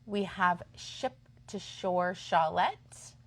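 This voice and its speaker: A woman in her fifties hosting a live stream for a yarn shop, chatting casually and enthusiastically, sometimes dropping to a quiet aside. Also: on the low side, drawn-out words. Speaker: shop host. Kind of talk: live-stream product chat.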